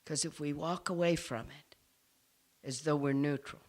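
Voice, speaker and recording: A nun giving an impassioned public speech to an audience in a room. She is earnest, and her delivery swings from forceful to hushed. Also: deep voice, fairly even intonation, measured pace.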